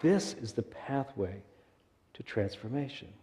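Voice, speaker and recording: A man's voice: medium pitch, lively intonation, measured pace, warm tone, long reverb tail, slight background noise. A male minister giving a conversational sermon, often asking the congregation rhetorical questions. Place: church sanctuary.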